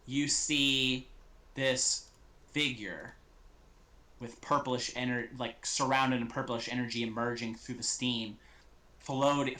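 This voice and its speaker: A man runs a tabletop game, narrating slowly with a bright, somewhat tense voice. He halts often, filling pauses with ums and restarting sentences as he describes the scene. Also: medium pitch. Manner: halting, full of ums and restarts. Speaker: game master.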